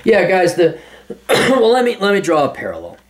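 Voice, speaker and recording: His voice is high-pitched and swoops wildly up and down, though his speed stays normal. This man runs his own show, reading out what listeners wrote and answering with rambling sarcasm and plenty of self-mockery in casual solo commentary.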